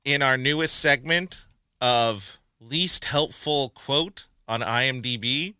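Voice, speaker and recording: A man's voice: medium pitch, slow pace, sharp tone, clear, resonant tone, no echo. A man co-hosting a movie review podcast in casual chat, laughing often and acting out quotes from the film. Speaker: podcast co-host.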